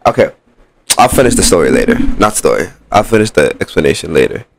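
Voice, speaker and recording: A man with a fairly low voice gives jumpy let's play commentary, arguing with the game as he plays. His pitch leaps around a lot as he flips between cocky bravado and scared outbursts. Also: sing-song, fast, gravelly, no room sound. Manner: jumpy, talks back to the game, swings between boasting and panic. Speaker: gaming YouTuber.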